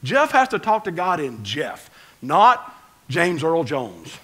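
A man preaching a conversational sermon as pastor, swinging between loud emphasis and quiet asides. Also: high voice, big pitch swings, slow, background noise.

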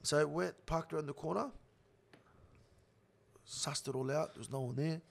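Young guy, casual storyteller, profane and blunt, gravelly high voice. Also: moderate pace. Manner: profane, blunt, swears constantly; laughs through his own story. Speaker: guest telling a story.

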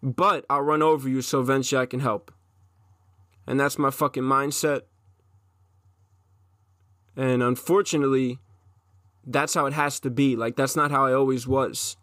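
A man's voice: medium pitch, steady tone, normal speed, pauses often, a bit bright, no echo, clean studio sound. A man in his twenties gives an intense, profane solo monologue as a podcast host, often restarting his sentences.

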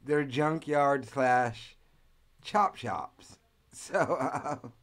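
Podcast guest, average male pitch, blunt, crude interjections. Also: very slow, fairly bright tone. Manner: blunt, crude, offhand jokes. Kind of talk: casual chat.

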